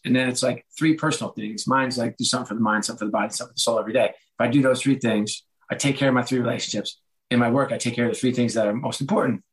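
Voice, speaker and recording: A man's voice: medium pitch, low-quality recording. Candid, self-mocking man telling stories. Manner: candid, self-deprecating, animated storytelling with quoted dialogue. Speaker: guest, author and former sports executive. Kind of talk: conversational podcast interview.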